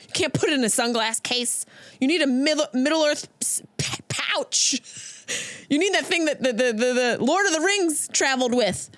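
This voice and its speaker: A woman's voice: high voice, lively intonation, normal speed, fairly bright tone, no echo. Riffing woman comic, dry close sound. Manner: riffing, slips into silly voices. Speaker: comedian and podcast host. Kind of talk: comedic monologue.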